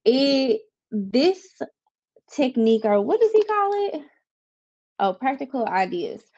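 A woman's voice: sits high, big pitch swings, slow, a little mellow, lo-fi sound. A woman hosting a personal podcast, talking candidly and confidingly with listeners and reading short passages aloud from a book. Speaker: podcast host. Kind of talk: casual personal podcast talk.

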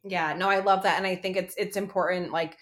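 A woman's voice: lowish voice, steady tone, brisk, fairly bright tone. A woman in her thirties hosting a casual parenting podcast, chatty with many fillers and restarts. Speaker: podcast host.

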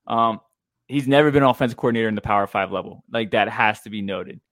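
Offhand low-voiced man on a dry mic. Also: fast talker, fairly bright tone, no echo. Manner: loose and offhand, lots of fillers, blunt opinions. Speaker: podcast co-host. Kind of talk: casual fantasy football podcast talk.

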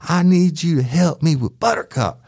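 Man playing a loud, foul-mouthed country woman, pitched way up, dry close mic. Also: normal speed, vocal fry, dry recording. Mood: furious. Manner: shrill, cursing, defiant.

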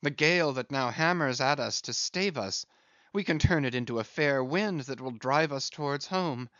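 A man's voice: medium pitch, normal speed, no room sound, highs cut off, lightly acted. A man voicing Starbuck, an earnest, anxious ship's first mate who calls out warnings to the crew. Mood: brooding. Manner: urgent, shouted warnings.

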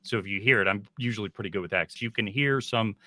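Bright, chatty man on a podcast. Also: fairly low pitch, fast talker, no echo. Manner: chatty, teasing storyteller. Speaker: podcast co-host. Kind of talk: casual film discussion.

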